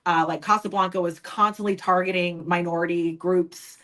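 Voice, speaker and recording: A woman's voice: lowish voice, steady tone, normal speed, a bit bright, low-quality recording. A woman guest on a podcast, speaking candidly about her past and acting out other people's lines when she quotes them. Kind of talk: personal storytelling in an interview.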